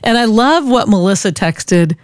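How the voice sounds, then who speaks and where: A woman radio host chatting casually and telling a listener's story in an upbeat, animated way. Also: medium pitch, a little slow, no echo, clean studio sound.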